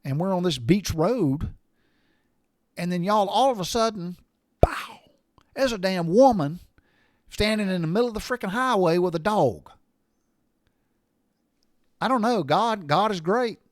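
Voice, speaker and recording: A middle-aged man telling folksy stories in a casual podcast monologue, cussing lightly and getting animated at the exciting parts. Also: sits high, unhurried, long pauses, dry recording, clean studio sound. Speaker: podcast host.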